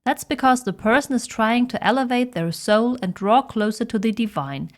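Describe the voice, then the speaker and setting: A woman narrating a scripted esoteric explainer in a measured, dramatic storytelling manner. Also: fairly high pitch, expressive.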